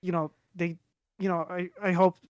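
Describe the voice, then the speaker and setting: A man's voice: high-pitched, level tone, normal speed, darkish tone, clean tone, no echo. A man in his twenties chatting casually on a podcast, rambling and candid, swearing freely as he talks. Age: 20s. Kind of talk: casual chat.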